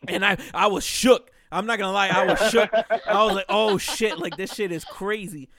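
A young man telling a story on a podcast, animated and profane, acting out the quotes loudly. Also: sits high, moderate pace, a crowd in the background. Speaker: podcast host. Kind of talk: casual storytelling.

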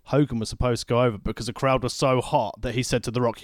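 A man's voice: medium pitch, steady tone, quick pace, dry recording, studio quality. A man co-hosting a casual wrestling podcast, joking and teasing, laughing often. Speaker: podcast co-host.

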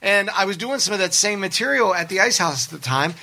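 A male comedian in casual chat, earnest and halting, often repeating himself. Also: high-pitched, animated, creaky, pushed and bright.

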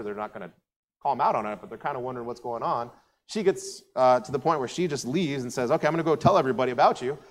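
Recorded with a big-room sound, a medium-pitched American man preaches as a pastor in a conversational sermon. His storytelling is casual and animated, with acted-out quoted voices, frequent asides, and filler words.

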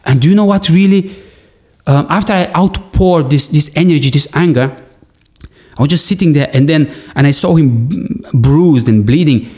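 A man's voice: a little high, moderate pace, dark tone. A man sharing an emotional personal story in an earnest, searching way, with many restarts. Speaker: guest.

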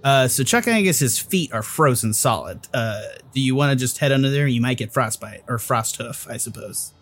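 Brief: easygoing game master, mid-pitched man, loose narration with fillers. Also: expressive, moderate pace, a bit bright. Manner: casual, loose and profane, many fillers.

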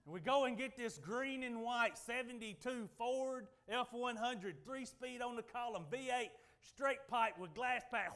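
A middle-aged man preaching a sermon, telling folksy stories and swinging from loud declarations to quiet asides. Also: sits high, fairly quick.

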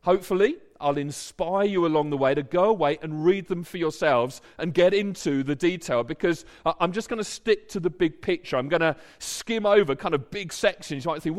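A man's voice: fairly high pitch, brisk, few pauses. A man preaching a sermon in an earnest, conversational way, building to emphatic points.

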